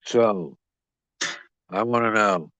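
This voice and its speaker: A man's voice: on the low side, slow, a bit bright, no echo, lo-fi sound. A man rambling and boasting as he stands in as host of a boxing live stream, swearing freely and talking to his chat.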